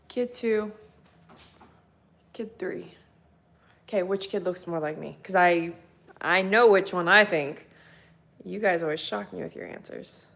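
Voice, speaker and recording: A woman's voice: medium pitch, a bit bright. A woman in her thirties, a mother of three boys, chatting casually and rambling to viewers from her kitchen with a phone mic while doing chores, laughing often. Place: home kitchen.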